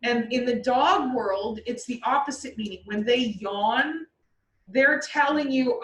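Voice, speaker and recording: Animated woman chatting in an echoey room. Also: a little high, a little slow. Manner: lively, acts out animals' inner voices. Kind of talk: casual chat. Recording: roomy echo, far from the mic, faint background noise.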